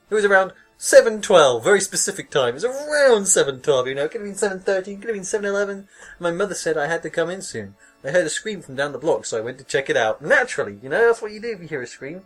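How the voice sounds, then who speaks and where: Young guy reading a creepy story out loud and roasting it, sarcastic, swears a lot, kinda high voice, faint music behind. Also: very animated, quick pace. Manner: sarcastic, mocking, swears a lot, laughs often. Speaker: podcast host reading stories. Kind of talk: comedic reading with sarcastic commentary.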